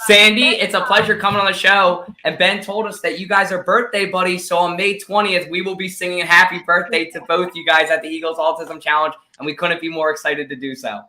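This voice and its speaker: A man's voice: on the high side, level tone, bright, forceful tone. A man from Delaware hosting a casual sports podcast, upbeat and teasing. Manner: upbeat, teasing, talks in quick bursts. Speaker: podcast host. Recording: roomy echo.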